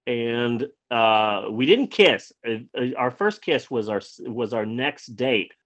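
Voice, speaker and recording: A man hosting a podcast tells a long personal story in a relaxed, rambling way, often restarting and acting out what people said. His voice is medium in pitch and slow, with no echo. He comes across as animated.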